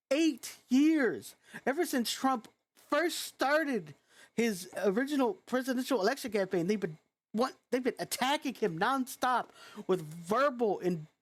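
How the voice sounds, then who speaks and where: Young-sounding female vlogger, frustrated and foul-mouthed, unhurried rant delivery. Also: on the high side. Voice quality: youthful-sounding voice. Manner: frustrated, profane, blunt. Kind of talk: angry reaction rant.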